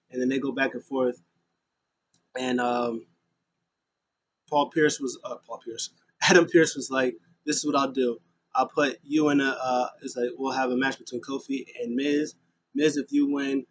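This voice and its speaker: A man talks through a wrestling show in a loose, rambling recap and keeps stopping on "uh" and "um". He slips into other people's lines as he quotes them. His voice sits at an ordinary middle pitch, with a faint hiss behind it. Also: low-quality recording. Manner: rambling, filler-heavy, acts out quotes. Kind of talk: casual recap vlog.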